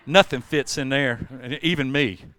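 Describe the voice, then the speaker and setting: A male pastor preaching a sermon, telling stories with humor and swinging from loud bursts to hushed passages. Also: medium pitch, measured pace, clean tone, no echo. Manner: energetic storytelling, jumps between loud and hushed; playful asides and self-deprecating humor.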